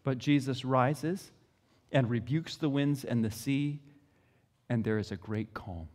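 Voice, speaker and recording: A man preaching a sermon, telling the story with expressive delivery. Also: mid-range voice, unhurried.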